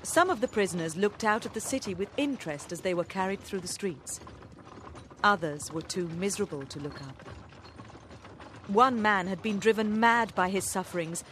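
A woman narrating an audiobook in a measured, even way. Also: mid-range voice, slight background noise. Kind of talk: audiobook reading.

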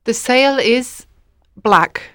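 A woman voicing a jealous young wife, speaking in a light, deliberate way in a storybook reading. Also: a little high, sharp tone, dry recording, clean studio sound, heavily acted. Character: young jealous wife, bitter then remorseful.

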